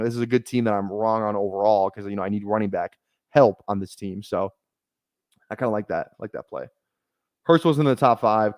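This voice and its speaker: A man's voice: medium pitch, a little mellow, dry recording, studio quality. A man streaming fantasy football drafts, chatting casually in a rambling, joking, self-deprecating way. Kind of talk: casual livestream chat while drafting.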